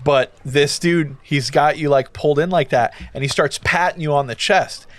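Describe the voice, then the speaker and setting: A man running a tabletop role-playing game, narrating in a loose, animated way with lots of fillers. His voice sits a little high for a man. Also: normal speed. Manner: casual, animated storytelling with many fillers. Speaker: game master.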